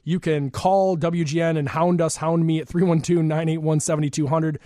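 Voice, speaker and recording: A man hosting a radio show from a studio, chatty and rambling and quick to laugh. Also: fairly high pitch, fairly even intonation, warm tone, no room sound. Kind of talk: casual radio talk.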